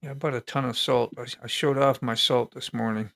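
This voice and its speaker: A man's voice: mid-range voice, fairly even intonation, a little fast, gravelly, a bit bright. A man hosting a live stream, chatting casually in a joking, rambling way and laughing often. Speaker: livestream host.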